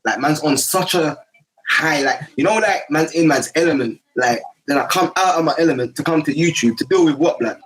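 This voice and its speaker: A man's voice: on the high side, brisk, a bit bright, poor audio. A young man with a London accent, chatting casually as a livestream host and rambling in heavy street slang. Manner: rambling, heavy street slang, keeps asking "you get me".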